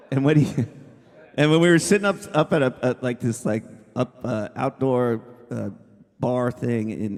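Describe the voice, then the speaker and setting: A man's voice: mid-range voice, vocal fry, a little mellow. A singer-songwriter man telling a rambling story between songs on a small coffeehouse stage, talking into a stage mic with many restarts. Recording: live room with long reverb and guitar.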